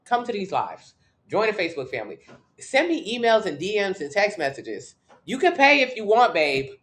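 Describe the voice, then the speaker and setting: A woman's voice: mid-range voice, sing-song, moderate pace. Southern woman gabbing on her fitness live, blunt and cussing, gossipy and loose. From Miami, Florida. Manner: candid, profane, gossipy and chatty. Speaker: fitness coach hosting a live stream. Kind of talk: casual live-stream chat.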